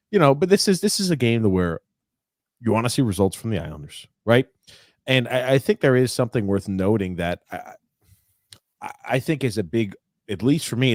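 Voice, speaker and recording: A low-pitched man talks through a hockey game with his co-host in a chatty, teasing way. The sound is dry and close, with no room echo. He speeds up at times as he gets going. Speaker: podcast co-host. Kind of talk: casual sports watch-along chat.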